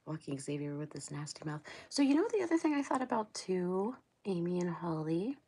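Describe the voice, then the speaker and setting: A middle-aged woman from Ohio hosts a casual livestream, rambling, laughing often and answering viewers' comments. Her voice sits on the low side, with big pitch swings, a fairly quick pace and a darkish, husky tone.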